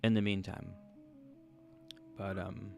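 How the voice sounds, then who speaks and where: Laid-back gravelly man on a livestream. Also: sits low, level tone, slow, darkish tone, soft background music. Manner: laid-back, joking, thinking aloud. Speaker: livestream host. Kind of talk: casual livestream chat reading comments.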